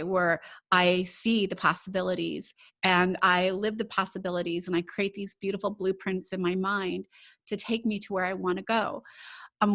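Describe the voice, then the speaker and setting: A woman's voice: mid-range voice, fairly bright tone. A middle-aged woman hosting a solo podcast, telling a personal story in a chatty way with laughs. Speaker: podcast host.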